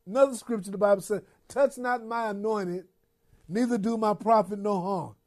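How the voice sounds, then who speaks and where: A man's voice: high voice, moderate pace, darkish tone. A man preaching a sermon, reading Bible verses aloud and exhorting the listeners with repeated phrases and questions.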